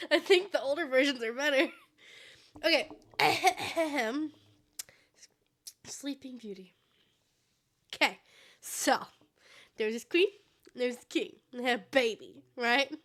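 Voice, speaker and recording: A woman's voice: high voice, takes it slowly, long pauses, a bit bright. A woman co-hosting a podcast who retells a fairy tale in a giggly, rambling way. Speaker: podcast co-host. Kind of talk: casual storytelling chat.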